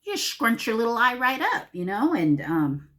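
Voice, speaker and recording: A woman's voice: on the high side, sing-song, normal speed, sharp tone. A middle-aged woman telling a rambling, conversational story to camera in a casual vlog. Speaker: beauty vlogger.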